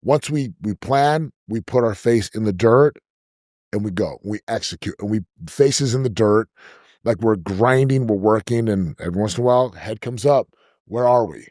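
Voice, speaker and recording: A middle-aged man talking as a podcast guest, giving business advice in an energetic, emphatic way and repeating himself to stress a point. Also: fairly low pitch, normal speed, no room sound, clean studio sound. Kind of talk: conversational interview.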